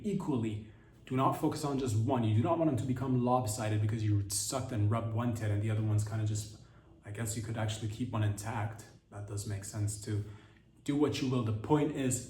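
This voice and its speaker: A man's voice: medium pitch, darkish tone, a little hiss or hum. A man hosting a comedy podcast in a rambling, provocative monologue, often cutting himself off and restarting. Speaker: podcast host. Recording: roomy echo.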